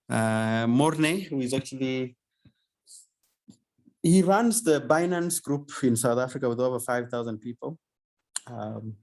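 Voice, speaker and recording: A man hosting an online community session over a video call, talking casually with many restarts and repeated words, laughing often and getting animated when excited. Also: medium pitch.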